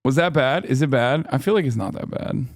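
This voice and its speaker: A man in his thirties doing casual stream commentary on videos, profane and sarcastic, with animated swings in delivery. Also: mid-range voice, brisk, no room sound, studio quality.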